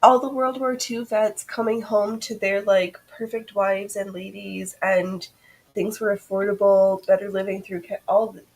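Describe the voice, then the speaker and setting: A woman's voice: mid-range voice, little pitch movement, a little slow, a little mellow, poor audio. A woman guest in a casual chat, talking in a playful, easy way.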